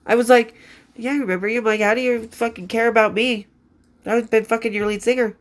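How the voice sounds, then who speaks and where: A woman's voice: fairly high pitch, brisk. Rambling, foul-mouthed woman telling stories. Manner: rambling and profane, loses her place and restarts. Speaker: podcast host reading her diary. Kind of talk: casual storytelling, reading diary entries.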